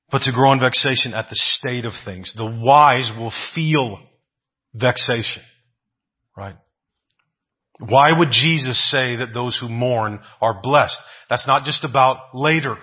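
A man's voice: mid-range voice, slow, long pauses, husky, lo-fi sound. A man preaching a sermon, asking rhetorical questions, often adding "right?" and repeating phrases for emphasis.

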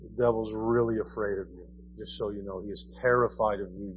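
A man's voice: lowish voice, fairly even intonation, a little fast, dull audio, a little hiss or hum. A man preaching a sermon in a conversational style, asking his listeners question after question. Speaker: pastor. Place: church.

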